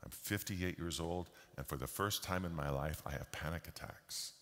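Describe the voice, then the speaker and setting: A man voicing a worried, guarded middle-aged male executive in a quiet, subdued way. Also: low-pitched, moderate pace. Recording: long hall reverb.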